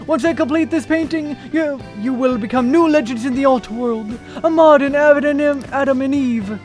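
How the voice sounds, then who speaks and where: A man's voice: extremely high pitch, normal speed, faint music behind. A man reading a pompous, grandiose young male artist aloud on stream, with theatrical, flowery speech.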